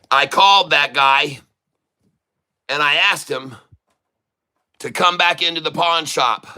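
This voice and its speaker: Bright-voiced man telling rambling stories. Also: fairly high pitch. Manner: rambling, chatty anecdote telling with many restarts. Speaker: livestream day trader and channel host. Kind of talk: casual livestream storytelling.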